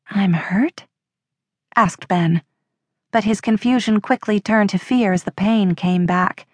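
A woman narrating a horror audiobook in a steady, measured storytelling voice. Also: medium pitch, no echo, clean studio sound.

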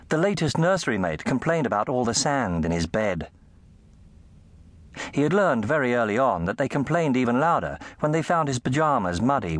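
A man narrating a children's fantasy audiobook in an animated storytelling manner. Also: no room sound. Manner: animated storytelling, shifting pitch for effect. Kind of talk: scripted narration. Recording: dry close studio sound.

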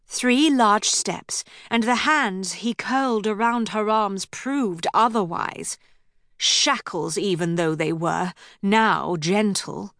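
Slow, measured woman audiobook narrator. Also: medium pitch, no room sound, studio quality. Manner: measured, dramatic. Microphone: studio microphone.

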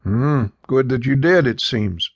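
A deliberate, solemn winged tribal chief, read by a man. The voice is low-set, gravelly and a touch husky, with measured, weighty phrasing, recorded dry and close. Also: expressive, no room sound. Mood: commanding.

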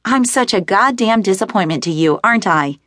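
A woman's voice: medium pitch, animated, fairly quick, dry recording, natural voice. Furious young man, swearing, cruel edge; woman narrator doing it. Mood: bitter. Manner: shouting, bitter, cursing. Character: angry young man yelling at his father.

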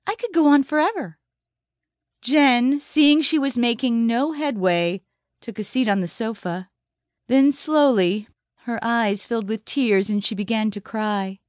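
A female audiobook narrator reads a script slowly, with measured, even storytelling. Her voice sits on the high side, and the recording is dry with clean studio sound.

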